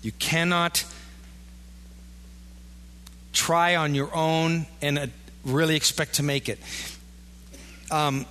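Conversational pastor in a reverberant hall. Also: male voice, fairly high pitch, steady tone, takes it slowly, pauses often, sharp tone, clean tone. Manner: conversational, acts out imagined inner voices. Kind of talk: sermon.

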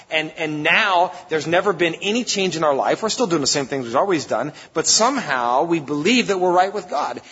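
A husky, fairly high-pitched man preaches as pastor, conversational but emphatic, with sudden lifts in force. The recording is dull and lo-fi. It carries a long reverb from a church sanctuary. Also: a bit bright. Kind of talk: sermon.

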